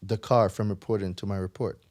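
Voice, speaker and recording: A man's voice: lowish voice, flat delivery, brisk, a little mellow. A man with a Jamaican accent, a guest on a casual podcast, explaining credit repair in an emphatic, lecturing way and swearing freely.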